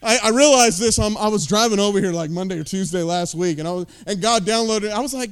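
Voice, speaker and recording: A man's voice: sits high, fast talker, hardly any pauses, smooth. An American man preaching a sermon as lead pastor, intense and emphatic, with casual asides.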